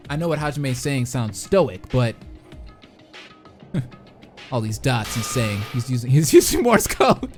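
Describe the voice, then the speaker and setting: A man giving excitable game reaction commentary, swearing often and reading on-screen text aloud. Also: medium pitch, measured pace, pauses often. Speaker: reaction video host. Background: game music.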